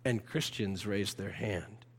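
A man's voice: on the low side, takes it slowly, vocal fry, slightly rough. A man, a pastor, preaching a sermon with impassioned, urgent exhortation. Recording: long reverb of a church hall.

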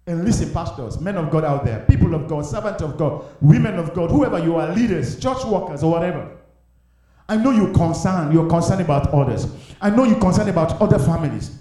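A man preaching a sermon, acting out Bible characters with shouts and laughter. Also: fairly high pitch, expressive, brisk. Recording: very echoey room.

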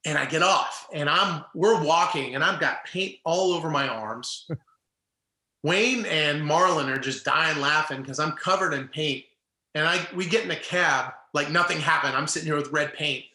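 A middle-aged former ballplayer, appearing as a guest, tells a story in casual conversation and animatedly acts out the people he quotes. His voice sits on the high side, moves at a normal pace, and has a roomy sound.

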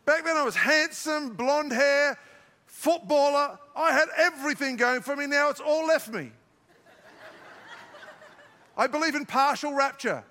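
An older Australian man preaching to his congregation, his voice high and forceful. He slips playful, self-deprecating jokes in between scripture points, and a long hall reverb trails each line. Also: measured pace, pauses often. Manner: joking, self-mocking asides. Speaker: pastor. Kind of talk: sermon. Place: large church auditorium.

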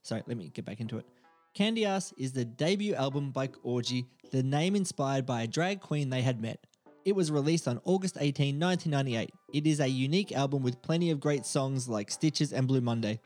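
A man's voice: medium pitch, fairly quick, a little mellow, faint music behind. An Australian man hosting a casual podcast, joking and chuckling as he reads a text aloud. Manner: jokey, chuckles while reading. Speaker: podcast host.

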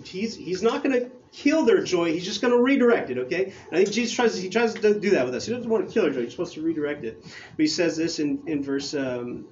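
High, excited young-sounding preacher man. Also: fast talker, lo-fi sound, slight background noise. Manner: excited, conversational, with slang and restarts. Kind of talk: casual youth sermon.

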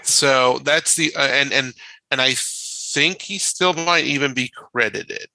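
A man's voice: mid-range voice, slow, vocal fry, sharp tone, dry recording, low-quality recording. A man co-hosting a podcast in a casual chat, who laughs easily and repeats words as he restarts his sentences. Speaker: podcast co-host.

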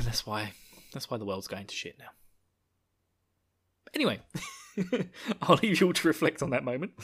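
A man's voice: on the high side, fairly bright tone. Rambling, jokey man. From United Kingdom. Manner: rambling, jokey, laughs at own jokes. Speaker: podcast host. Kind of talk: casual chat.

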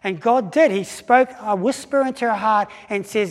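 A man preaching a sermon, telling a story in an animated way and acting out the voices of the people in it, with frequent restarts. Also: sits high. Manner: animated, acts out quoted voices with pauses and restarts. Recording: long hall reverb.

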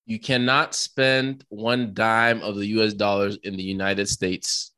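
Hoarse guy with a lowish voice chatting on a podcast, dry sound. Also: little pitch movement, unhurried, bright, forceful tone, dry recording. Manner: agreeable, frequent backchannel "right". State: hoarse from illness. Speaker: podcast co-host. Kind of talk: casual chat.

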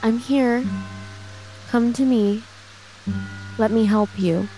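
A woman voicing a caring young woman adventurer, calling out loudly and anxiously in a storm. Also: very high voice, expressive, unhurried, soft background music, voice pushed up, low-quality recording. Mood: gentle. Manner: calls out loudly and anxiously in a raised voice.

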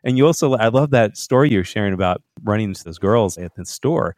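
A male podcast host chatting with a guest, friendly and enthusiastic. His low voice swings widely in pitch, and the close, dry recording has no room sound. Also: expressive, fairly quick, darkish tone, dry recording. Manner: friendly, enthusiastic, laughs along. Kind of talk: casual interview.

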